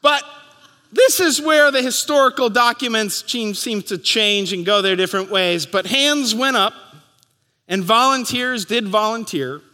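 A man in his thirties preaching a sermon as pastor, telling stories and acting out the crowd's shouts. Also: high voice, unhurried. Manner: storytelling, acting out crowd voices. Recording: long hall reverb.

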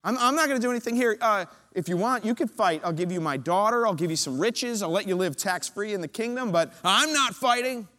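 A man's voice: high voice, animated, pushed and bright. A man doing a nervous, stammering king. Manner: rushed, stammering, dodging. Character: nervous evasive king, middle-aged man.

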